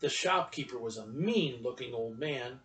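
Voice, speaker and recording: A man reading a children's story aloud at a church story time, in an expressive storytelling manner. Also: medium pitch, moderate pace, distant mic, faint music behind, rough recording.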